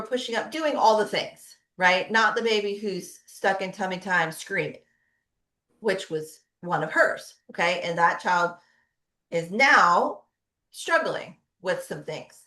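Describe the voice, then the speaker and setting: A woman's voice: mid-range voice, fairly bright tone, roomy sound. A middle-aged woman, a pediatric physical therapist, giving a conversational webinar talk with frequent tag questions. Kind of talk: webinar presentation.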